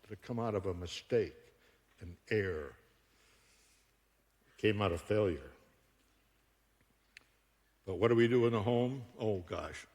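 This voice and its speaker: A man preaching a sermon in a humorous, animated, conversational way, recorded with long hall reverb in a church auditorium. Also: lowish voice, unhurried, long pauses. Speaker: guest preacher.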